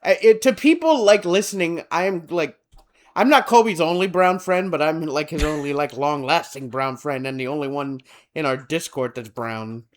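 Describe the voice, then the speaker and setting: A man's voice: fairly high pitch, normal speed. A man from South Texas co-hosting a podcast, joking around in casual chat, swearing freely and bursting into laughter. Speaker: podcast co-host.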